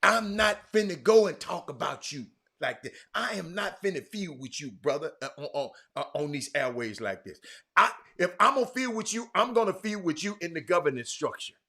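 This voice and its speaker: A man hosting a sports talk show, speaking emphatically, swinging between loud outbursts and low asides. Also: animated, normal speed, gravelly. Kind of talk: animated sports talk commentary.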